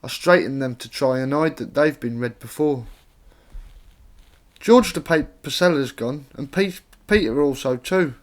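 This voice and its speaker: At a measured pace and in a mid-range voice, a Staffordshire man reads aloud rhyming poems he authored. His delivery is plain and conversational, and he drops in casual introductions between each one.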